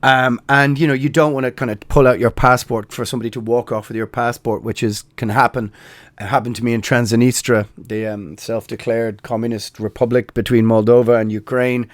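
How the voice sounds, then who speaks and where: This Irish podcast host, a man in his forties, speaks briskly in a mid-range voice with little pitch movement. His casual storytelling wanders, packed with fillers and self-corrections, and the recording is dry.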